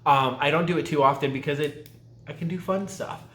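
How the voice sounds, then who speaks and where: A man's voice: on the high side, brisk, fairly bright tone, reverberant. A man vlogging casually at home, rambling and stopping himself mid-thought, with a laugh never far off. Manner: rambling, self-interrupting, laughs often. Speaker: YouTube vlogger. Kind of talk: casual chatty tag video.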